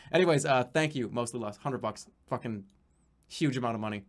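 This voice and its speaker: A man's voice: medium pitch, moderate pace. A man from the United States streaming live, chatting casually in a rambling, profane, joking way with many restarts.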